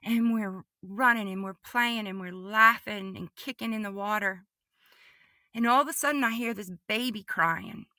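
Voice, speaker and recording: A woman giving a podcast testimony, telling a personal story vividly and emotionally, often repeating phrases and moving between hushed and excited delivery. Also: medium pitch, normal speed, no echo, clean studio sound.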